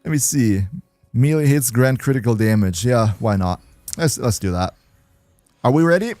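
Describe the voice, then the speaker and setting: A man's voice: medium pitch, animated, normal speed, mellow, no room sound, faint music behind. A man chatting casually on a game livestream, playful, laughing often and restarting his sentences. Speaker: game streamer.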